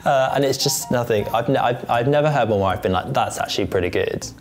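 A young Englishwoman with a strikingly deep voice chats easily, agreeing readily and laughing along. Soft music plays faintly in the background. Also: fast. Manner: agreeable, laughing, with many small yeahs. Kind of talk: casual chat.

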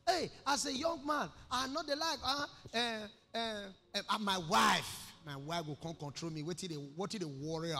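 A Nigerian man preaching in a high, carrying voice. He swings into shouts and song as he speaks. The sound is from a long-reverb hall with faint music behind him. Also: normal speed, hardly any pauses, slightly rough. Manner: animated preaching, shouting out acted quotes, breaking into song. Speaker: pastor. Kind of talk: sermon. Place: church.

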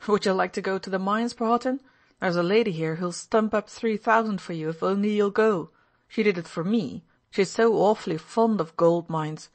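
A woman reading the part of a reckless, excitable young man in an audiobook, loud and given to wild outbursts. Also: mid-range voice, normal speed, lightly acted.

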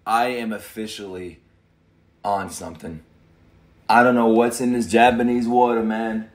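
A young man giving casual, profane reaction commentary on anime, joking loudly and laughing a lot, with the show's music playing behind him. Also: on the low side, fairly even intonation, measured pace. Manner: loud joking outbursts, frequent laughs and cursing.

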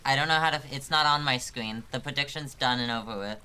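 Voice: mid-range voice, quick pace, bright, forceful tone, clear, resonant tone. A live streamer commenting on a hard climbing game, exasperated and self-mocking, joking about being about to cry.

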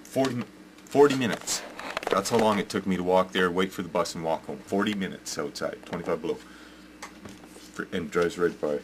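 An older Canadian man venting in an angry rant to camera, swearing heavily, yelling and repeating himself. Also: deep voice, moderate pace, noisy background. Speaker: vlogger.

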